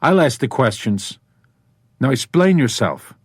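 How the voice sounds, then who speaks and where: A man's voice: mid-range voice, very animated, unhurried, breathy edge, dry recording, clean studio sound, pitched above the performer's own voice, full character voice. A man voicing a small, tough woman who is a former cop, giving clipped, commanding orders at gunpoint.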